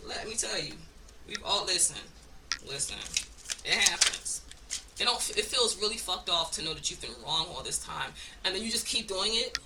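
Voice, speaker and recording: A woman's voice: medium pitch, distant mic, noisy background. A woman giving a casual oracle card reading, blunt and profane, with frequent laughs. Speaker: spiritual card reader.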